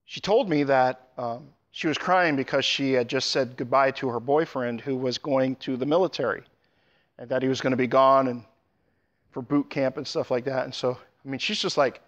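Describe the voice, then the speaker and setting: A middle-aged man, a pastor telling a personal story in a sermon, with sudden lively jumps in his voice. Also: lo-fi sound. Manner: storytelling with animated pitch jumps.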